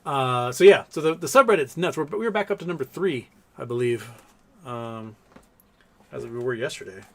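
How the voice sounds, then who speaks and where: A man's voice: medium pitch, moderate pace. A man hosting a casual livestream, reading viewer comments aloud and chatting to his pets between them. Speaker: livestream host.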